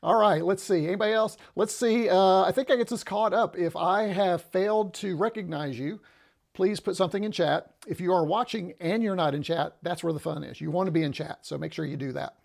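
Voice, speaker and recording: Casual livestream chat from a male host who wanders from point to point, pausing on "uh" and starting sentences over. A close lapel mic picks up his somewhat high, gravelly voice and a hint of breathlessness as he talks easily with viewers.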